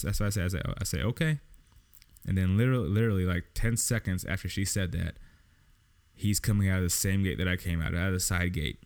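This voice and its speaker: A man, hosting a podcast and telling a long story, full of swearing and acted-out dialogue. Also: low-pitched. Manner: profane, animated storytelling with quoted dialogue. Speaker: podcast host. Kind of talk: casual storytelling monologue.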